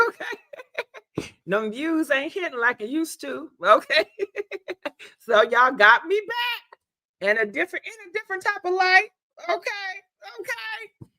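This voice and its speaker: A woman talking casually to her livestream viewers, calling them y'all and honey and laughing a lot. Her voice sits high and bright, roughened by a congested throat from being sick. The sound is close and dry. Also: unhurried, pauses often, dry recording. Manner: chatty, animated, laughs often, addresses viewers as y'all and honey. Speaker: livestream host.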